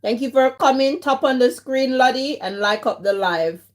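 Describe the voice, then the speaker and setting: A woman's voice: high-pitched, normal speed. A Jamaican-British woman hosting a casual live stream, teasing her chat and laughing often while she eats. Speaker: livestream host.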